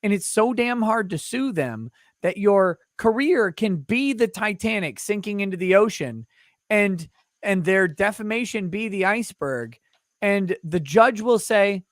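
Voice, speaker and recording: A man's voice: high voice, lively intonation, no room sound. Indignant male host, dry sound. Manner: indignant, quick ranting. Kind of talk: casual interview talk.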